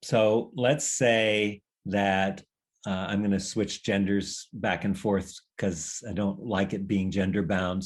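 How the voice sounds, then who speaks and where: Male workshop leader, conversational and reflective, meandering delivery. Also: on the low side. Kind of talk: conversational teaching session.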